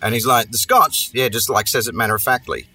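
Man, podcast host, bright edgy tone, swears freely, rambling sarcastic storyteller, faint music underneath. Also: lowish voice, quick pace. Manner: profane, sardonic, rambling asides. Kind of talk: casual storytelling monologue.

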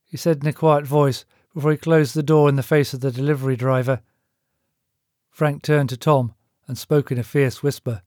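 Man reading fiction aloud, steady, dry booth sound. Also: mid-range voice, normal speed, dry recording. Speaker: author and narrator. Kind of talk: scripted narration.

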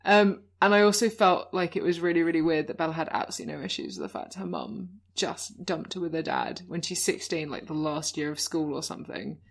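A British woman chatting casually as a podcast co-host, sarcastic and quick with asides. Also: deep voice, creaky. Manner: chatty, sarcastic, frequent laughs and trailing asides. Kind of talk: casual chat reviewing a film.

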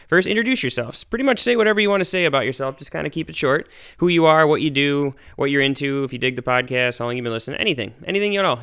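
Fast-talking excitable podcast host man. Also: medium pitch, vocal fry, clear, resonant tone. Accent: American. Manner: energetic, rambling, excitable. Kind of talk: enthusiastic casual science podcast.

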